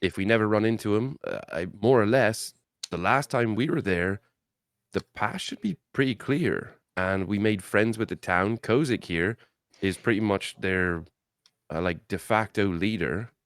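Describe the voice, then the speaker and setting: A man's voice: on the low side, measured pace, no echo, studio quality. A man playing a tabletop role-playing game, talking in a laid-back, rambling way about the party's next steps. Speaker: tabletop player. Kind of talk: casual in-character table talk.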